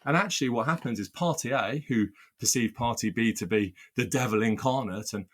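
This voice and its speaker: A man's voice: medium pitch, brisk. A man working as a workplace mediator, answering interview questions earnestly, often repeating words as he restarts and building lists of phrases.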